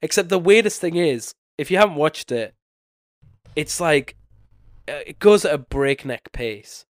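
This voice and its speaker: A man's voice: a little high, animated, unhurried, dry recording, clean studio sound. A young man with a nasally voice, sick with a bad cold and short on sleep, chatting casually and rambling as a podcast co-host. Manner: rambling, loses his train of thought. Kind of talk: casual chat.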